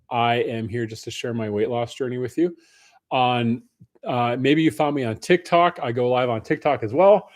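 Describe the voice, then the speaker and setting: A man's voice: medium pitch, darkish tone. A man hosting a casual live stream Q&A, greeting viewers by name in a friendly way. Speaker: livestream host.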